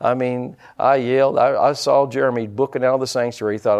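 A middle-aged man preaching a sermon as pastor, in a folksy, blunt manner, voicing people's excuses in quick asides. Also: mid-range voice, darkish tone.

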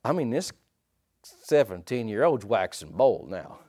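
A man preaching a sermon as pastor, asking his listeners for responses and swinging from hushed to loud. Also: medium pitch, animated, normal speed. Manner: asks the congregation for responses.

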